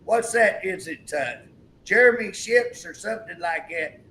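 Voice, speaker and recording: High, bright-voiced emphatic male host. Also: animated, unhurried, slight background noise, low-quality recording. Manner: emphatic, repetitive storyteller acting out quotes. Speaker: talk show host. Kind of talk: political talk show chat.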